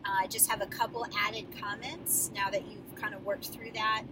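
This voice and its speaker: A woman giving a drama coach's feedback to her student actors, patient and explanatory, often pausing on fillers as she works through a script. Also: medium pitch, flat delivery, far from the mic, heavy background noise. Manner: encouraging, explanatory, with many fillers.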